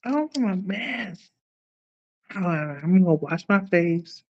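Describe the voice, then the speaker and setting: Slow, playful woman chatting on a livestream. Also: on the low side, expressive, muffled recording. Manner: playful, laughs often, hypes up viewers. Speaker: livestream host. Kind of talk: casual livestream chat with viewers.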